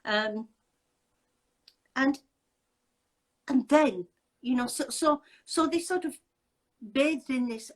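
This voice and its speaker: A woman's voice: high voice, takes it slowly, pauses often, poor audio. A woman hosting a casual video chat, talking in a chatty, emphatic, exasperated way. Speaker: host.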